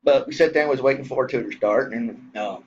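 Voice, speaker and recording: A man's voice: medium pitch, fairly quick, a little mellow, muffled recording, slight background noise. A middle-aged Texan man telling a rambling, folksy story in a casual way, with some casual swearing. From Southern US.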